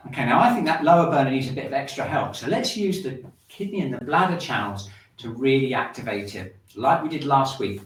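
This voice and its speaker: A man teaching a shiatsu breathing and movement class, guiding the listener calmly through each step. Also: mid-range voice, a little fast, a little hiss or hum. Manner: calm instructive, guiding along with the movements. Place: room in a shiatsu centre. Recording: roomy sound, mic at a distance.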